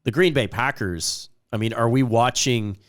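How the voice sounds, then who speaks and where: Co-host, male, casual sports banter, a touch of leftover rasp in an otherwise mid-pitched voice. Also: normal speed. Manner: chatty, opinionated, jokes at himself. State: lingering raspy voice after an illness.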